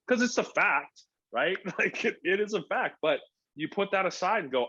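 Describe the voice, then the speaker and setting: A middle-aged man, a former pro pitcher turned youth coach, chatting as a podcast guest, animated and acting out the things he tells himself and others. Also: moderate pace, no echo. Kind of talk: casual podcast conversation. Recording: dull, dry, lo-fi sound.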